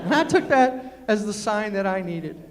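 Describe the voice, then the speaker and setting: A man's voice: sits high, expressive, moderate pace, background noise. A man giving a humorous storytelling speech at a university, punchy and emphatic, acting out the lines he quotes. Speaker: storyteller and motivational speaker. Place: university lecture hall. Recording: echoey hall, long reverb.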